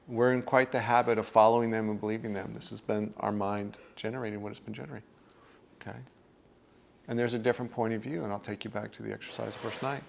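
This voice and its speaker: Gravelly man teaching a group. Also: medium pitch, a little hiss or hum. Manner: conversational, often checks in with "okay?"; acts out inner voices while explaining. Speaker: workshop teacher.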